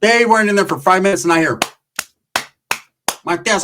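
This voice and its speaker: A man's voice: sits high, fairly quick, background noise. A man telling a comic story in a profane, rambling, slang-heavy way. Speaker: comedic storyteller. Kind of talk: casual comedic storytelling.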